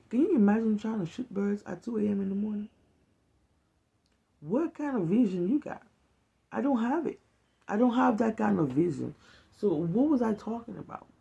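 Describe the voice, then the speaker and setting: A woman's voice: fairly low pitch, creaky, dark tone, lo-fi sound. A woman speaking to camera in a casual, earnest, heartfelt monologue. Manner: earnest, conversational, emphatic. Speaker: vlogger.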